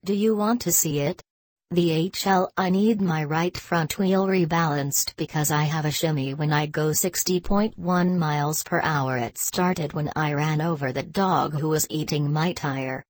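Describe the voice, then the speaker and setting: A woman reading a written text aloud in a deadpan way, speaking the punctuation marks as words. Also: low-pitched, unhurried, no room sound.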